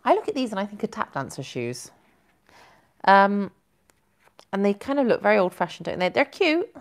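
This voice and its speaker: A woman's voice: medium pitch, sing-song, normal speed. A woman hosting a casual live stream, chatting and giggling as she reads out viewer comments. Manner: chatty and giggly, rambling with self-corrections.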